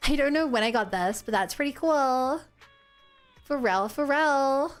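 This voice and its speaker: High-voiced chatty New Zealand streamer woman. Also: expressive, a little fast, smooth, soft background music. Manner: chatty, playful, lots of "like" and "oh my god". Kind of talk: casual gaming stream chat.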